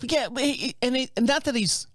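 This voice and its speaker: A man's voice: very high voice, a little fast, dry recording. Man, forties, podcast co-host, rambling anecdotes, dry close mic. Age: 40s. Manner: rambling, animated storytelling with frequent restarts. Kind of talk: casual storytelling chat.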